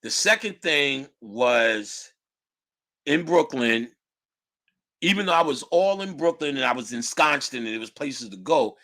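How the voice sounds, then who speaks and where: Animated middle-aged man telling stories. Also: medium pitch, unhurried. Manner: animated, profane, slangy, laughs often. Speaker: guest storyteller. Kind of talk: casual storytelling.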